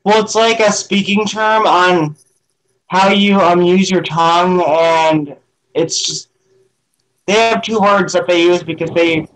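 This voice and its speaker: A man's voice: sits high, fairly even intonation, takes it slowly, fairly bright tone, rough recording. A man chatting casually on a group stream, rambling and hedging with lots of ums.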